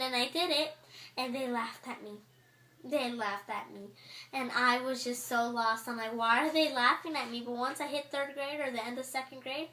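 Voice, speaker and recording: A woman's voice: fairly high pitch, bright, forceful tone. A teenage girl vlogging in a casual, chatty way, exasperated and acting out what others say. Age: teens. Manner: chatty, exasperated, acts out quotes. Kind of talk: casual chat to camera. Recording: echoey room with faint noise.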